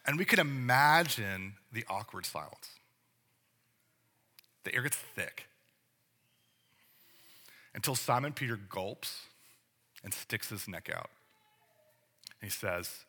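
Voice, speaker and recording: A man's voice: medium pitch, lively intonation, normal speed, pauses often, bright, forceful tone, in a large hall. A man preaching a sermon as pastor, conversational and full of rhetorical questions. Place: church sanctuary.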